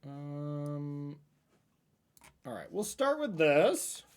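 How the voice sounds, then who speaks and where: Male streamer, easygoing running commentary on his own plays, lively pitch. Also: drawn-out words, clean tone. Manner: thinks aloud about his plays, relaxed and chatty. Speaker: streamer playing a card game. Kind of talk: casual gameplay commentary.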